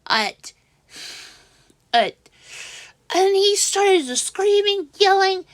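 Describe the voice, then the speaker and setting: A woman casually telling a story in a vlog, halting and restarting often, growing exasperated as she goes. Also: very high voice, lively intonation, no room sound, clean studio sound. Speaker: vlogger.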